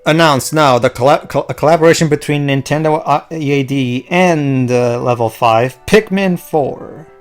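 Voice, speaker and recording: A man's voice: a little high, moderate pace, hardly any pauses, faint music behind. A man in casual gaming chat, hesitant and correcting himself as he goes.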